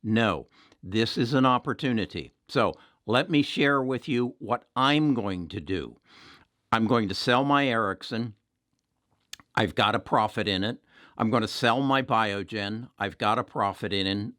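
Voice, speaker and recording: A man's voice: lowish voice, fairly bright tone, dry recording, studio quality. Plainspoken man giving investing advice. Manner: plainspoken, emphatic, repeats himself with restarts. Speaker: investing channel host. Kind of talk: casual investing talk to camera.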